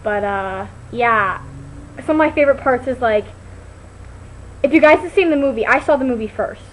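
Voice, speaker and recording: A woman with a high voice vlogs to camera at normal speed, recorded in low quality on a computer mic. Her casual chat rambles, packed with "like" and restarts.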